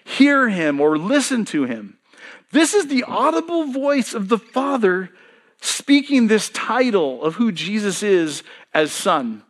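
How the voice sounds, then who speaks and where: A middle-aged male pastor preaching with lively emphasis and a fairly high voice. He quizzes the congregation and then answers the questions himself, swinging his pitch up and down as he drives each point home. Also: measured pace. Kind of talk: sermon.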